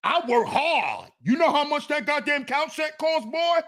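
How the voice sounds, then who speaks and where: A man imitating a mother who loudly scolds her son for jumping on her new couch. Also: very high voice, big pitch swings, measured pace, pitched above the performer's own voice, full character voice. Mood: scolding. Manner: loud nagging scolding.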